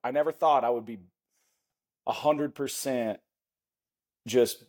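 Podcast guest, man in his forties, husky voice, rambling anecdotes, laughs at himself. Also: medium pitch, slow, darkish tone. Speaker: podcast guest, former NFL lineman. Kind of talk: casual storytelling in an interview.

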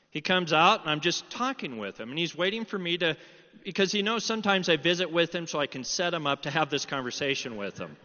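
Middle-aged male pastor, animated storyteller, bright tone, long hall reverb on a muffled recording. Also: fairly high pitch. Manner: animated storytelling, quoting dialogue. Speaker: preacher. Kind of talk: sermon with personal story. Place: church hall.

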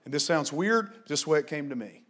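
High-voiced fervent male preacher. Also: lively intonation, fast. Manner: fervent, rising to shouted exhortations, then quiet storytelling. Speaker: pastor. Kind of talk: sermon.

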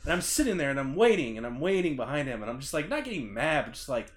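Animated young man ranting with laughs. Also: high voice, fast talker, few pauses. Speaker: podcast co-host. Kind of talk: casual chat, storytelling rant.

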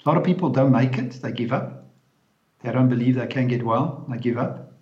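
A man's voice: medium pitch, brisk, darkish tone. A man speaking as an interview guest, telling his story in a blunt, frank way and often tagging his remarks with "eh?". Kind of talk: candid storytelling in conversation. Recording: roomy, dull lo-fi sound.

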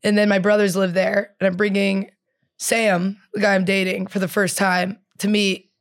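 A woman comedian guesting on a podcast, chatting casually and breaking into quick laughs. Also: mid-range voice, little pitch movement.

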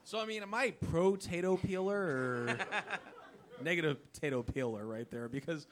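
A man's voice: a little high, moderate pace. A man comedian bantering on a live comedy stage with a wry, chuckling delivery. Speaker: comedy debate contestant. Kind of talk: stand-up style banter.

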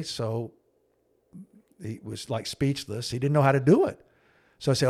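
Earnest storytelling man, halting delivery. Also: expressive. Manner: earnest, halting, with frequent restarts and fillers; acts out quoted speech in a low, hushed voice. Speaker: podcast co-host and counselor. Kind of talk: conversational storytelling.

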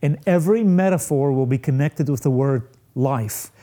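A man preaching a sermon, slow and emphatic, with dramatic pauses and rising peaks. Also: medium pitch, mellow.

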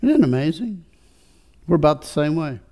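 High-voiced man preaching a sermon. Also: very animated, fairly quick, gravelly. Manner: emphatic preaching with many rhetorical questions; swings between quiet reflection and rising fervor. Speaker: pastor.

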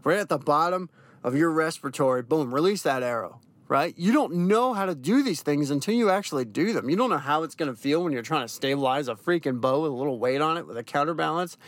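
A man's voice: fairly high pitch, no echo. A young man hosting a podcast, giving a blunt, profane motivational monologue that keeps hammering the same points over and over. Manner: emphatic, repeats key phrases. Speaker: podcast host.

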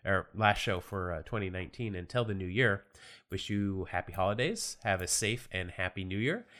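Low-voiced man, sick, chatty podcast host. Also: moderate pace. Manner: relaxed, chatty, with frequent fillers and restarts. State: sick, voice worn. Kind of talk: casual solo podcast talk about baseball cards.

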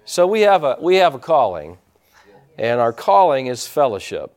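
A man's voice: mid-range voice, sing-song, moderate pace. A man preaching a sermon to his congregation in church, folksy and rambling, breaking off for asides to people in the pews. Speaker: pastor.

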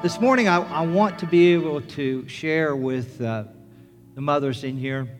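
A middle-aged man, a pastor, preaching a sermon in an earnest storytelling manner, rising to loud excitement as the story builds. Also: on the high side, a little slow. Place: church sanctuary. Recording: reverberant church with music.

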